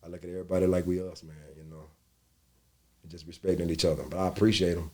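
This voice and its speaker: A middle-aged male comedian telling casual, profane stories in an interview. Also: fast talker. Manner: animated, profane storytelling that jumps into loud high quoted voices.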